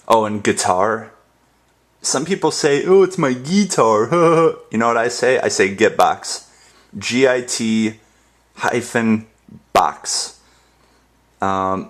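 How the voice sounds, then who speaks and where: A young man from the northern United States, rambling casually and jokingly through a dialect tag and spelling words out. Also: on the low side. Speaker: YouTube creator.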